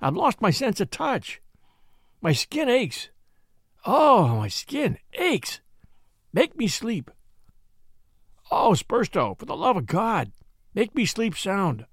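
A man's voice: sits high, big pitch swings, takes it slowly, pauses often, no room sound, clean studio sound, voice pushed up, exaggerated voice. A man voicing a desperate, sleepless young Englishman who pleads in a trembling, frantic way. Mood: desperate pleading.

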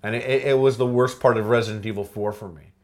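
A man hosting a casual podcast chat who reads game quotes aloud with quick impressions and laughs often. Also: mid-range voice, steady tone. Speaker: podcast host.

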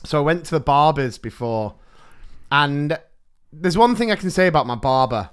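A man's voice: on the high side, animated, moderate pace, a bit bright, clean tone. A man, a podcast co-host telling funny stories in casual chat, laughing often.

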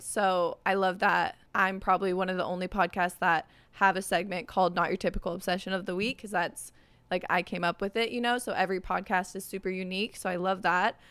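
A woman's voice: medium pitch, a bit bright, clean tone, no room sound. A young woman hosting a solo podcast, talking in an upbeat, chatty way and saying "like" constantly. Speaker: podcast host. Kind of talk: casual solo podcast chat.

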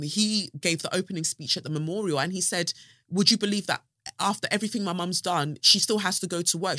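A young woman hosts her podcast in a fiery, sarcastic monologue. Her voice is bright and forceful, with a slightly low pitch, and it sounds close and dry with no room around it. She shifts from loud bursts to low mutters. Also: no room sound. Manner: passionate, sarcastic, swings between loud outbursts and low mutters. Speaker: podcast host. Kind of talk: casual opinionated monologue.

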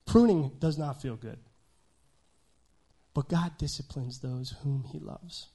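A man preaching a sermon in a conversational style, often checking in with "right?" and swinging between loud emphasis and quiet asides. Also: on the high side, takes it slowly, slightly rough. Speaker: pastor.

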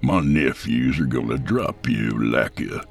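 A man's voice: a bass voice, faint music behind, pitched below the performer's own voice, exaggerated voice. A man voicing a menacing old hillbilly villain in an audiobook, with a growling, drawling delivery. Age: older. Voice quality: growling, gravelly. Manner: slow, drawling menace with evil laughs.

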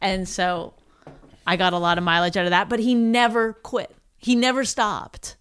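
A woman comedian tells a meandering story in casual conversation, starting over and putting on quick voices for the people she quotes. Her pitch sits in the middle range. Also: level tone, a bit bright, clear, resonant tone. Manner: rambling storytelling with many restarts and quoted voices. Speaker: stand-up comedian, podcast co-host. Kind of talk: casual chat.

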